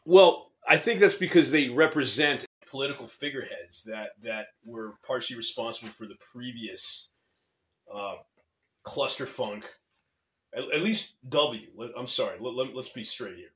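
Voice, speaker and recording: A man's voice: mid-range voice, normal speed, a bit bright. A man co-hosting a casual political chat, hesitant with fillers and joking asides. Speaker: podcast co-host. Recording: echoey room.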